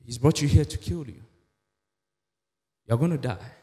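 A man acting out the devil as a sly, coaxing tempter, speaking low and soft. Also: moderate pace, long reverb tail, lightly acted. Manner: low, soft, persuasive wheedling.

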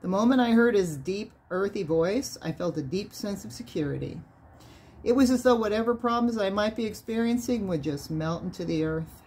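A woman reading a nonfiction book aloud in a measured way, lifting her voice on key words. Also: mid-range voice, lively intonation, darkish tone, a little hiss or hum. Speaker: reader of a book on sound healing.

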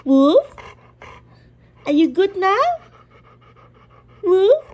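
A woman's voice: high voice, big pitch swings, takes it slowly, pauses often. A woman chatting playfully with her dog, coaxing it and laughing often. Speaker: dog owner. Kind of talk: casual chat with her dog.

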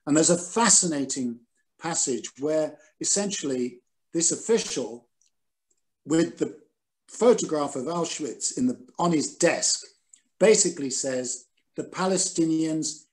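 Older man analysing world affairs calmly. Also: on the high side. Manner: measured, analytical, with frequent ums and restarts. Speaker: interview guest, former newspaper editor. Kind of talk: conversational interview over video call. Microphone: video call.

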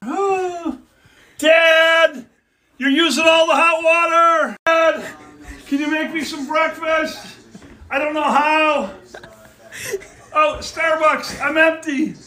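A lazy, spoiled college girl , put on by a dad whines in a squeaky, very high voice, with bright, sharp edges. It sounds echoey and distant, like a phone recording from across a room. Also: takes it slowly, long pauses, full character voice. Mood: whiny. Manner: whiny, exaggerated girly voice. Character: lazy spoiled college daughter, young woman. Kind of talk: comedic impression. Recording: echoey room, far from mic.

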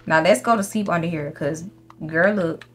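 A woman's voice: fairly low pitch, a little fast, a bit bright, soft background music. A young woman giving casual gameplay commentary, brash and profane, scolding the animals in her game. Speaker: gaming YouTuber.

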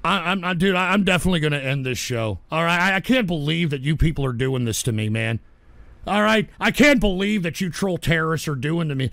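A man hosting a live radio show, exasperated and shouting at trolls in the chat. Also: a little high, lively intonation, fairly quick, creaky, no echo. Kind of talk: ranting livestream talk.

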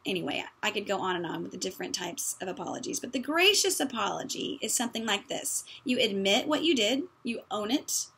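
A woman's voice: mid-range voice, lively intonation, a little fast, hardly any pauses, fairly bright tone, slightly rough. A woman giving a practical church-style talk in a conversational, folksy way, with many fillers. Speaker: speaker teaching on apologies.

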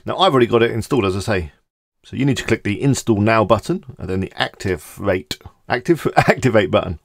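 A man hosting a screen-recorded software tutorial, talking casually and thinking aloud as he clicks through each step. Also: on the low side, lively intonation, fairly quick, creaky, no room sound, studio quality. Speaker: tutorial host.

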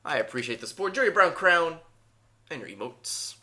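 A man's voice: on the high side, very animated, brisk, sharp tone. A man giving casual livestream commentary over gameplay, joking and bantering with chat. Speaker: streamer. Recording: game music playing behind.

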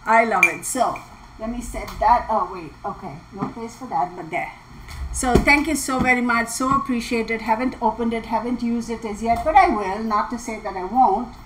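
A woman host, chatting casually on a livestream, bubbly and excitable, laughing often. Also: fairly high pitch, normal speed, noisy background. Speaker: tarot channel host.

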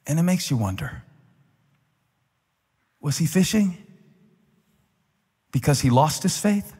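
A man preaching a sermon as pastor, building from quiet talk to impassioned shouting. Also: on the high side, animated, slow, vocal fry, long pauses, slightly rough. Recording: large hall with long reverb.

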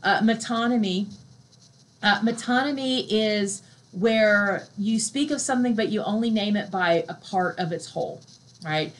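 A woman giving a conversational university literature lecture, who keeps checking in with "right?" and reads poems aloud slowly and softly. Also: mid-range voice, rough recording.

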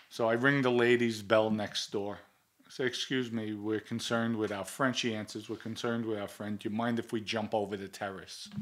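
A middle-aged man with a New York accent, bluntly telling a profane story as a guest and acting out the dialogue. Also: lowish voice. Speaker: interview guest. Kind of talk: casual storytelling.

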